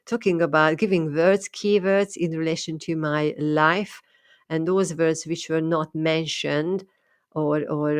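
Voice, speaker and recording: Low-voiced woman. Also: dry recording, studio quality. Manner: thoughtful, repeats and restarts words. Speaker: medium sharing experiences. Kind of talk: casual monologue.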